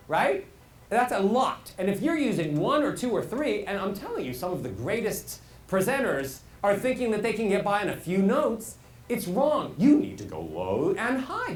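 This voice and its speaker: A man teaching a live workshop as a voice coach, animated and demonstrative, asking his audience questions. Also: high-pitched, moderate pace. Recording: roomy echo, faint hall ambience.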